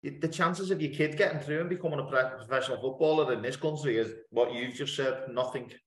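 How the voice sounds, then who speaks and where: Opinionated British interviewer in an echoey room. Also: male voice, medium pitch. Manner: opinionated, animated, quick to agree. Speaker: interviewer, host. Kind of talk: casual interview chat.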